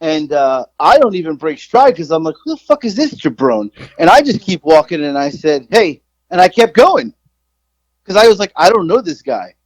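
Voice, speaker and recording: Man, forties, podcast co-host, rambling, profane, self-mocking, slightly high voice, dry close sound. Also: sing-song, moderate pace, dry recording, rough recording. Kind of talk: casual storytelling.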